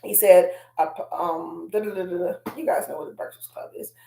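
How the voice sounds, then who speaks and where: A woman's voice: fairly low pitch, steady tone, fairly quick, vocal fry, dark tone. Woman doing a casual vlog, talks right to the viewers, reads quotes out, roomy echo. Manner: chatty, addresses viewers directly, reads quotes aloud. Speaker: host.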